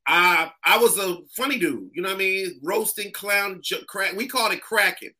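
A man's voice: high voice, normal speed. A middle-aged man from Massachusetts, a stand-up comedian telling stories in a casual interview and acting out voices as he goes. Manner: animated, acts out voices in his stories.

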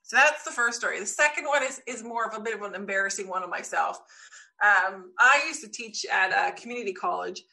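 A woman guest in a casual interview, telling lively stories and acting out what people said. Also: medium pitch, brisk, gravelly. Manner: lively storyteller, acts out quotes. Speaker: podcast guest.

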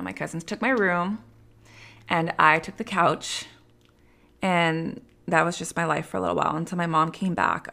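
Low-voiced woman with vocal fry. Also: bright, forceful tone. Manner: candid, with frequent "like" and "you know". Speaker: interview guest. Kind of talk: personal storytelling in conversation.

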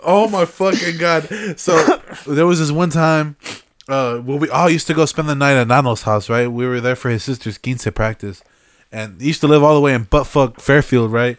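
A man's voice: medium pitch, normal speed, no echo, clean studio sound. A young man from the Bay Area co-hosting a podcast, telling childhood stories in casual slang between bursts of laughter. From San Francisco Bay Area. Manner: laughing storyteller, heavy slang and swearing. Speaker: podcast co-host. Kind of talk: casual chat.

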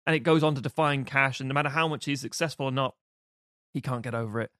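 A man's voice: mid-range voice, quick pace, bright, forceful tone, no room sound, clean studio sound. A man co-hosting a film podcast, chatting casually and animatedly, acting out quotes with bursts of laughter. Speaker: podcast co-host.

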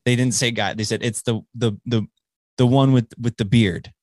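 A man's voice: mid-range voice, steady tone, normal speed, darkish tone, no room sound. A man hosting a show, talking casually in a rambling way with lots of swearing and restarts, recorded close on a dry mic. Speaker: podcast host. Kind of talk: casual chat.

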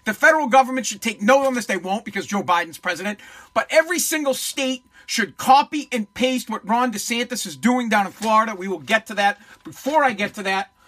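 A man from Boston hosts a solo podcast in a blunt, sneering rant full of curses. His voice is pitched very high for a man and has a bright, sharp edge. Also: fairly quick. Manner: blunt, mocking, profane. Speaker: podcast host. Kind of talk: ranting solo podcast commentary.

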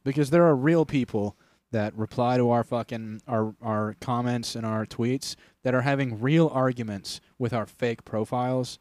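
A man's voice: medium pitch, normal speed, few pauses, darkish tone, no room sound. Young man, sarcastic comedy podcast co-host, crude and laid-back, dry mic. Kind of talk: casual comedy podcast chat.

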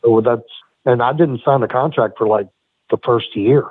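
A middle-aged man spins animated, curse-filled anecdotes as a podcast guest, acting out both sides of the talk. His voice is husky and sits at an ordinary pitch. It comes through narrow and dry, like a phone call. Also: moderate pace, dry recording. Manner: profane, animated anecdotes with quoted dialogue. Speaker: guest, former wrestler. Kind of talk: casual storytelling in a podcast interview.

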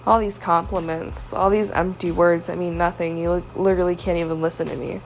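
A woman's voice: fairly low pitch, little pitch movement, brisk, faint music behind. A young woman hosting a podcast, confiding a personal story in a hurt, frustrated way. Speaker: podcast host. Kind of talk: personal venting monologue.

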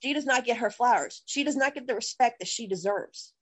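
A woman's voice: a little high, fairly quick, no echo, low-quality recording. Profane, impassioned woman ranting. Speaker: podcast co-host. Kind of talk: heated wrestling podcast rant.

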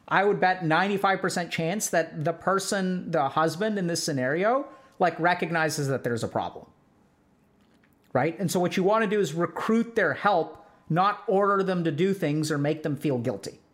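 Here the man sounds animated and somewhat high, moving at a normal pace while he hands out relationship advice on his podcast. His casual delivery leans on "like" and "right?" and drifts into role-played dialogue.

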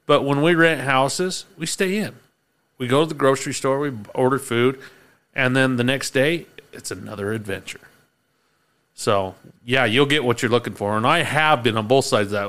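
A man's voice: mid-range voice, moderate pace, fairly bright tone. A man in casual chat, laid-back, laughing often and swearing casually.

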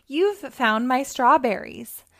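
A woman's voice: high voice, expressive, takes it slowly, dry recording, clean studio sound, full character voice. A woman voicing a friendly, grateful female vole who is a mother. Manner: warm, grateful.

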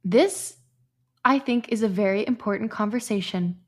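A woman hosting a book-club podcast, chatting excitedly and reading narration aloud. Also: medium pitch, moderate pace. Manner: chatty, filler-heavy, excitable. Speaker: podcast host.

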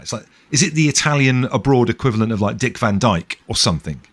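A man's voice: mid-range voice, animated, quick pace, few pauses. A man in his thirties co-hosting a podcast over a video call, chatty and jokey in a casual chat. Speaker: podcast co-host.

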